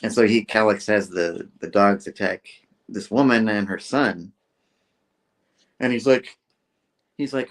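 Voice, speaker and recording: A man with a fairly low voice hosts a casual comic book review. He rambles through the recap with restarts and filler and chuckles as he goes. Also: unhurried, long pauses.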